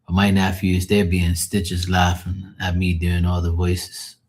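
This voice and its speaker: A man with a deep, husky voice chatting loosely on a live stream. He tells rambling stories full of swearing and chuckles, with a rough, breathy edge to his speech. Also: completely flat delivery, unhurried, a little mellow. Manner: profane, storytelling, chuckling. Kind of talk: casual rambling chat.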